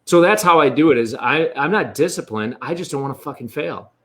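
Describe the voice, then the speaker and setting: A man's voice: a little high, expressive, brisk. A man talking as a real estate coach in a candid interview, blunt and profane. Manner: blunt and profane, speaks freely.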